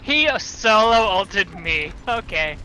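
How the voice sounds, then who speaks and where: A man's voice: sits high, lively intonation, slow, low-quality recording. A man playing an online game with friends, teasing them and complaining about his team. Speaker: gamer playing a healer. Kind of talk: casual gaming banter.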